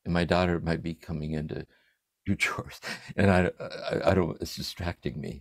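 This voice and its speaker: An older man speaking from a room at home over a livestream, giving a contemplative spiritual reflection in a meditative way, letting his phrases trail off softly. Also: low-pitched, little pitch movement, moderate pace, no echo. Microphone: livestream computer mic.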